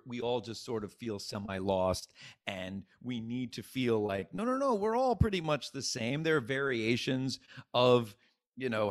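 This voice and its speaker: Animated male comedian on a podcast. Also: medium pitch. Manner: animated, jumps into bits, restarts. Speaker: comedian guest. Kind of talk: casual podcast chat.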